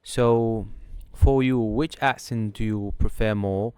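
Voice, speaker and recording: A man's voice: on the low side, fairly even intonation, slow, mellow, smooth, dry recording, studio quality. A man hosting a casual interview, chatty and peppering his questions with fillers. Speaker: host.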